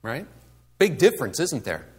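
A man's voice: mid-range voice, sing-song, normal speed, breathy edge. A man giving a conversational sermon to a congregation, asking rhetorical questions and acting out the complaints he quotes. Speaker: pastor.

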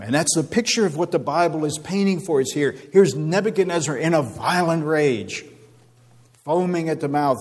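A man's voice: mid-range voice, a little mellow, long reverb tail. A man preaching a sermon with an emphatic, repetitive cadence.

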